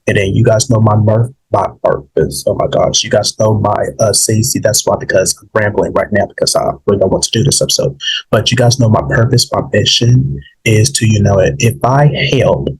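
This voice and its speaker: A man hosting his own podcast, rambling and halting with many fillers and restarts, emotional and holding back tears. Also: on the low side, steady tone, vocal fry, husky, poor audio. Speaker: podcast host. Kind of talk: emotional solo podcast monologue.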